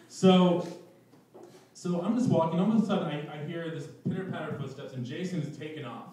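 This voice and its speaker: Young male storyteller, slightly high voice, self-mocking, giggly; very echoey room, mic far away. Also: moderate pace, mellow, a little hiss or hum. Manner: self-mocking, laughing through his lines. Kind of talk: live personal storytelling. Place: live event room.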